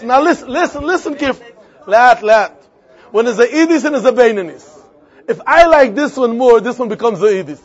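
A man with a Yiddish-inflected accent, giving a Talmud lesson in an animated, repetitive, sing-song way with many questions. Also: very high voice, a little fast, slightly rough, lo-fi sound, some chatter behind. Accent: Yiddish-inflected English. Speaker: Talmud teacher.

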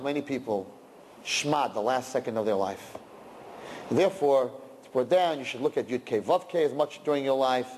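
Husky, animated male preacher. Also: on the high side, big-room sound. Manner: animated, swinging to loud outbursts. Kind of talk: sermon with storytelling.

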